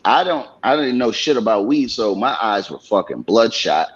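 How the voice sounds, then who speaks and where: A man's voice: on the low side, sing-song, moderate pace, crowd noise. A man hosting a casual podcast, telling a story full of profanity, often laughing and acting out other people's voices. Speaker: podcast host. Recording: slightly dull lo-fi sound.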